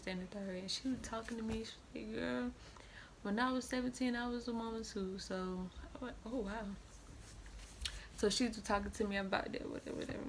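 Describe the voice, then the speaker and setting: 18-year-old woman, creaky voice, rambling storyteller, noisy traffic behind. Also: mid-range voice, a bit bright. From Atlanta, Georgia. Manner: rambling, repeats filler "or whatever". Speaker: vlogger. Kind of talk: storytime vlog.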